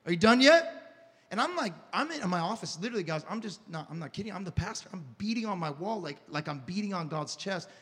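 A pastor in his thirties preaches quickly with hardly a pause, his high, slightly rough voice lurching from hushed confession to loud shouting. Caught up in the story, he stumbles, repeats words, and restarts lines constantly. Long reverb from the church hall hangs after every phrase.

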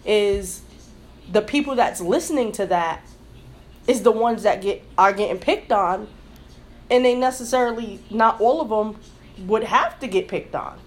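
A woman's voice: mid-range voice, a little slow. A woman hosting a casual podcast discussion, asking questions and arguing her points in a conversational way. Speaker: podcast host.

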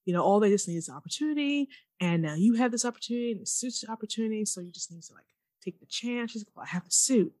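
A woman's voice: fairly high pitch, dry recording, clean studio sound. A woman co-hosting a casual podcast, recapping a TV episode and acting out the characters' lines. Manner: animated, acts out characters' lines in quick impressions. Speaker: podcast co-host.

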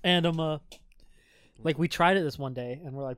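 A young man in his twenties tells a rambling story to a friend, cursing and laughing as he goes. His voice sits a little high. The sound is dry and close. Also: quick pace, clean tone, no room sound. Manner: profane, storytelling, laughs often. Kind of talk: casual chat.

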